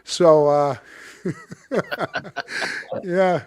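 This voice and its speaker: A man's voice: a little high, steady tone, extremely slow, darkish tone, smooth, no echo. A man hosting a podcast in casual chat, telling rambling stories and laughing often. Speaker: podcast host.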